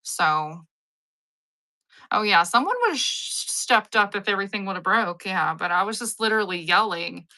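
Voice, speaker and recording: A woman's voice: medium pitch, normal speed. A woman, hosting a live stream and chatting with viewers, rambling through stories and acting out the people in them. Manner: rambling, animated storyteller who acts out the people in her stories. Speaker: live-sale stream host. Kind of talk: casual chat with live viewers.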